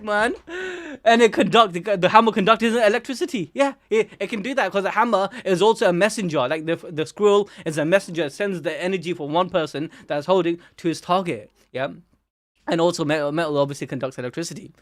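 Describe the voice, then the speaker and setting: Excitable young man, high voice. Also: brisk, dry recording. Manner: excitable, slangy, exclamatory. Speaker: anime channel host. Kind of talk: live manga chapter reaction.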